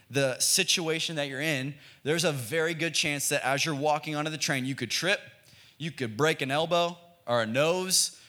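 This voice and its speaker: A man's voice: a little high, bright, forceful tone. A young American man preaching a sermon in a casual, joking way, asking the congregation to repeat phrases back. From United States. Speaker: pastor.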